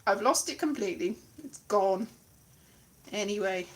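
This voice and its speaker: A woman's voice: medium pitch, animated, a little slow. A woman rambling through a casual comedy set at home, reading bits aloud from books and mocking herself. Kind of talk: casual improvised chat. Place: home, virtual show.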